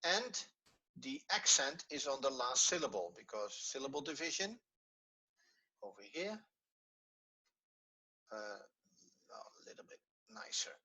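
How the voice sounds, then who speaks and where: Patient man teaching Hebrew, bright voice. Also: medium pitch, very animated, measured pace, long pauses, husky, poor audio. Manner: patient, explains step by step, repeats often. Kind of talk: online lesson, screen-sharing.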